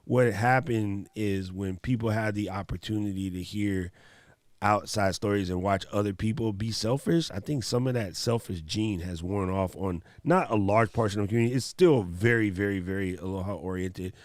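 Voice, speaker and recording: A man's voice: on the low side, normal speed, no echo. Slangy, easygoing man, dry close sound. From Hawaii. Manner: animated storytelling, slangy. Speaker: host. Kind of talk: casual conversation.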